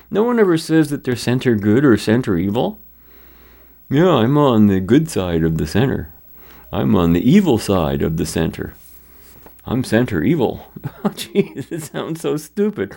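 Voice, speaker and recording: A man's voice: on the high side, darkish tone. A man hosting a broadcast, delivering scripted commentary in an emphatic, lecturing way. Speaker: radio host.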